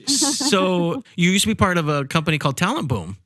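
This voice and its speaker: A man hosting a casual podcast chat, playful and teasing, cracking quick jokes. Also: sits high, big pitch swings, fairly bright tone, no room sound. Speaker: podcast host.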